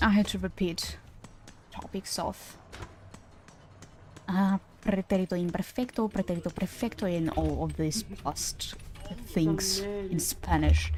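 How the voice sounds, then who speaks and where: A woman streams a casual gameplay livestream, chatting and giggling with her viewers as she plays and laughing often. Her voice is on the low side and a little mellow, with fairly even intonation and a measured pace.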